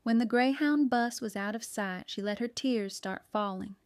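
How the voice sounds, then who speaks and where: A woman narrating an audiobook with an even storytelling delivery. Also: fairly high pitch, moderate pace, smooth, no echo, clean studio sound. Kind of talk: scripted narration.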